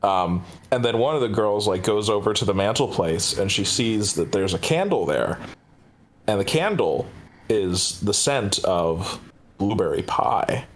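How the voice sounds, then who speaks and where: A man's voice: expressive, unhurried, slight background noise. A man co-hosting a podcast, recapping a trailer in casual chat, hesitant with lots of fillers. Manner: rambling, hesitant with many fillers, jumps high for quoted voices. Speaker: podcast co-host.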